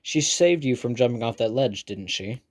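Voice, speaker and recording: A man's voice: mid-range voice, expressive, moderate pace, natural voice. A man voicing a snide teenage girl bully with a nasal voice in an audiobook reading. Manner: snapping, sneering.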